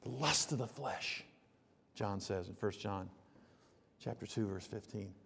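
A man's voice: fairly low pitch, unhurried, creaky, in a large hall, background noise. A man preaching a sermon in a conversational way, asking many rhetorical questions and building to emphatic bursts. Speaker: pastor.

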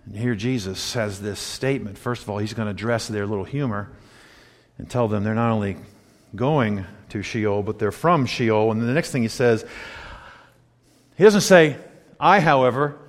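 A man's voice: lowish voice, moderate pace, big-room sound. A man preaching a sermon, emphatic and full of rhetorical questions for his congregation. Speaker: pastor.

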